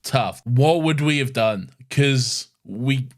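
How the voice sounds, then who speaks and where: A man's voice: medium pitch, slow. A man co-hosting a podcast, recapping in a laid-back, sweary, casual way. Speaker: podcast co-host. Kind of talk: casual chat.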